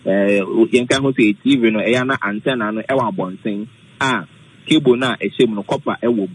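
Male forecaster on radio, lowish husky voice, hesitant, filler-heavy delivery. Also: rough recording. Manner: halting, many fillers, mixes English and Twi. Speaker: weather forecaster guest. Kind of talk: radio call-in explanation.

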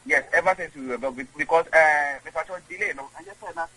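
A man, rambling in halting speech with many repeated words as an interview guest on radio. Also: on the high side, pushed and bright, slightly rough, low-quality recording. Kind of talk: casual interview.

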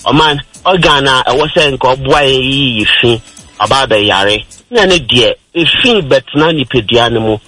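A man's voice: medium pitch, lively intonation, moderate pace, pushed and bright, no room sound, faint music behind, poor audio. A Ghanaian man presenting a radio health talk, explaining step by step and mixing in English terms. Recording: radio broadcast.

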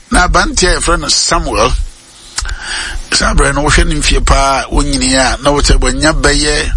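A man hosting a radio sermon, preaching in a lively way, repeating phrases and dropping English words into his talk. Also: medium pitch.

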